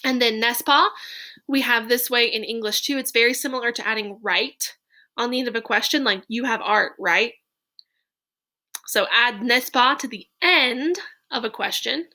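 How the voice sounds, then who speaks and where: A woman's voice: on the high side, normal speed, bright, forceful tone. A woman teaching French question forms to a class, explaining patiently and step by step. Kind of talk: classroom lesson on slides.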